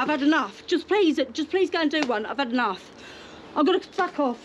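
An angry woman, swearing constantly and shouting at people on her driveway outdoors. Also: lively intonation, a little fast, a little hiss or hum. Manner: furious, swearing constantly, shrill outbursts. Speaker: prank victim. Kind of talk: heated shouting argument.

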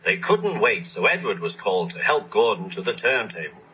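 A man reading a children's storybook aloud, expressive and animated. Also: lowish voice, moderate pace, husky, rough recording. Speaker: narrator.

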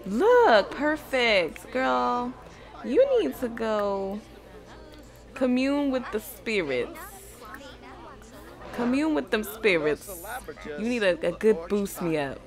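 A woman's voice: on the high side, very animated, slow pace, pauses often. A woman hosting a life-simulation game let's play, giving playful, slangy running commentary as she plays. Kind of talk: casual gameplay commentary. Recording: game music playing underneath.

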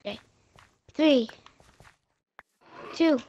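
A woman hosting a gaming channel, chatting casually while she plays, quick to react and often repeating herself. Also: high-pitched, a little mellow, highs cut off, slight background noise. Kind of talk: casual chat while playing a video game.

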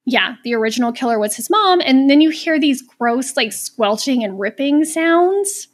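A woman's voice: sits high, lively intonation, moderate pace. Chatty sarcastic woman podcast co-host. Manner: chatty, sarcastic, swears freely. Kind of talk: casual movie recap chat.

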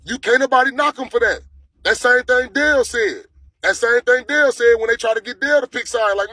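A man telling a story on a casual livestream, animated and profane, repeating his phrases. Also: very high voice, fairly quick, dry recording.

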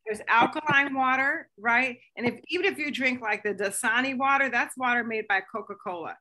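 Bright, high-voiced upbeat woman coach. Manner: upbeat, encouraging, quick asides. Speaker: fitness coach hosting a group call. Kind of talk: casual coaching call. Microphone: video call.

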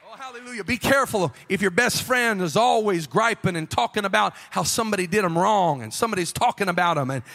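A man preaching a Pentecostal sermon with a fervent, rhythmic delivery that builds to shouting. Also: sits high, animated, quick pace, few pauses, in a large hall. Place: church sanctuary.

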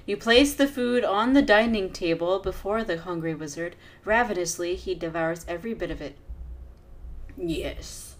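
A woman's voice: fairly low pitch, a little hiss or hum. A woman casually commenting on an old adventure game as she plays and reads its text aloud. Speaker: let's play gamer. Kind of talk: casual let's play commentary.

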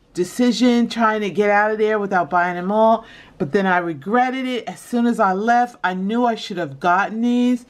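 A woman chatting casually in a shopping haul video, calling her viewers y'all and often breaking into high laughter. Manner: chatty and giggly, addresses viewers as y'all and you guys. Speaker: vlogger showing a shopping haul.

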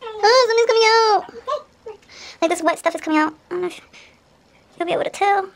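Anxious high-voiced woman vlogging. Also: fast talker. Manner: anxious, exclaiming, talking to herself. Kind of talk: nervous casual vlog to camera.

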